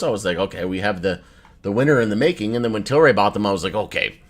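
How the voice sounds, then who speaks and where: Loose, profane man in his thirties, lively pitch. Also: fast talker. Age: 30s. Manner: loose, profane, laughs often, swings between joking and irritated. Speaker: livestream host reading chat. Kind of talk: casual live stream chat.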